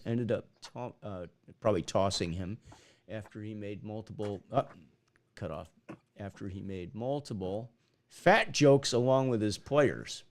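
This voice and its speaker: A man hosting a hockey officiating talk show, chatting casually with stumbling restarts and teasing. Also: fairly low pitch. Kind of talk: casual chat on a live stream.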